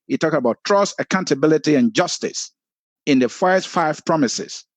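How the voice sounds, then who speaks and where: A man's voice: fairly high pitch, lively intonation, moderate pace, dry recording. A man with a Liberian accent, hosting a political talk show, formally listing points to put to his guest.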